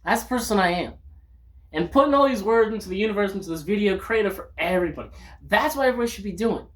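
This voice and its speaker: A woman vlogging in an upbeat, rambling monologue, breaking into loud outbursts when she acts out quotes. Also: medium pitch, expressive, quick pace.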